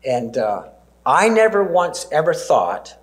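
A man, preaching a sermon and telling stories earnestly, slowing down and dropping to a near-whisper for emphasis. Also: on the high side, very animated. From Canada.

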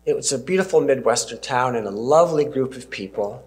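A man, preaching a sermon and telling stories earnestly, slowing down and dropping to a near-whisper for emphasis. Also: mid-range voice, animated. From Canada.

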